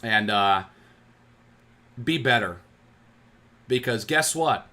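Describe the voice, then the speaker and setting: A man's voice: medium pitch, animated, unhurried, sharp tone. A man hosting a sports fan channel, ranting with heat and sarcasm, often tripping over his words. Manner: heated, sarcastic, stumbling restarts.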